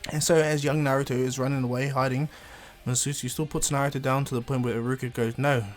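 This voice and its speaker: A man casually retelling a fan story, rambling with frequent fillers and restarts. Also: mid-range voice.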